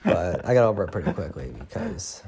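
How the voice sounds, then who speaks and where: A man's voice: deep voice, wildly swooping pitch, fairly quick, vocal fry, mellow, a little hiss or hum. A young man on a podcast, bluntly mocking a film in slangy casual talk. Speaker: podcast co-host. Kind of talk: casual movie review chat.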